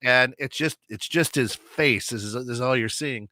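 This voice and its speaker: A man co-hosting an internet radio talk show chats casually, telling rambling stories packed with restarts and acted-out quotes. His medium-pitched voice has a sharp tone at normal speed, recorded as clean studio sound with no echo.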